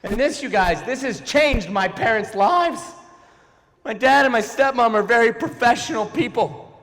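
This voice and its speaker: A man with a notably high voice performs stand-up comedy, playful and animated, often turning to talk straight to the crowd. His voice carries the long reverb of a large church hall. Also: normal speed. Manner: animated, playful, talks to the audience. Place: church auditorium before a live audience.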